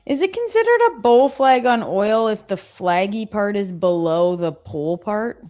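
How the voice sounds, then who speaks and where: A woman's voice: medium pitch, lively intonation, moderate pace, a little mellow, soft background music. A woman in her thirties co-hosting a live trading stream, chatty and self-mocking, asking questions. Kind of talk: casual live trading chat.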